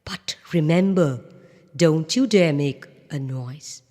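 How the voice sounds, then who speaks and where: A woman's voice: sits low, slow pace, mellow, pitched below the performer's own voice. A woman voicing a sly young male jackal, coaxing in a plain voice. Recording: long reverb.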